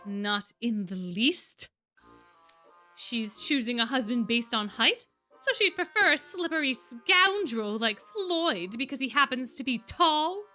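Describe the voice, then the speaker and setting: A woman's voice: on the high side, animated, measured pace, bright, forceful tone, soft background music, pitched below the performer's own voice. A woman voicing a prim, stern young male student leader who speaks formally and with indignation while reading a game aloud. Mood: scornful.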